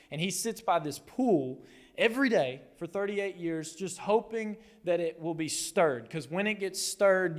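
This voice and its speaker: A man preaching a sermon as pastor, telling the story conversationally and acting out the quotes with animation. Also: on the high side. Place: church hall. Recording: long hall reverb.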